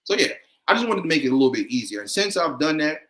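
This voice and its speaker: A man's voice: a little high, sing-song, fast talker, a bit bright. A man chatting casually as a livestream guest, telling stories in a laid-back, chuckling way over a video call. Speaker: guest content creator.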